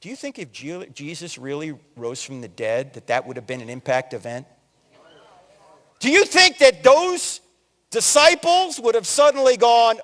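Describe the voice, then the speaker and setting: A man in his sixties from New Jersey giving an animated, joking story-driven talk as a conference speaker, acting out quotes in other voices. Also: very high-pitched. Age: 60s. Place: large hall with audience. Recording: long hall reverb.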